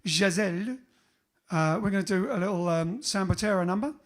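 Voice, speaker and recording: A man's voice: high voice, fast talker. A man hosting his band's livestream, chatting playfully between songs and dropping into mock French. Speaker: bandleader and singer hosting a livestream. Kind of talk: casual chat between songs.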